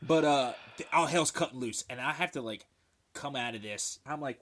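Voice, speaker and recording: A man tells a story in relaxed, profane chat. His voice is bright and forward, with a tense edge, and his delivery is lively and animated. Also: mid-range voice, fairly quick.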